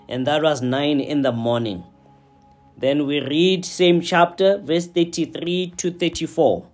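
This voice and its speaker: A man preaching a sermon, slow and deliberate, often checking in with his listeners. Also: a little high, fairly even intonation, soft background music. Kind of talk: sermon teaching.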